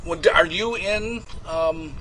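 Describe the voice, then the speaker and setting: A man's voice: a little high, slow pace, sharp tone, slight background noise, poor audio. A man hosting a casual live prank call show, loose and laughing, swearing freely. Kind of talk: casual live-stream chat.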